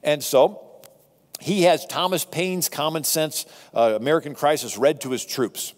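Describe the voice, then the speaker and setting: Animated man telling history in a hall. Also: fairly high pitch, measured pace. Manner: animated, conversational storytelling with asides. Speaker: speaker on history. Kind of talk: storytelling lecture to a live audience.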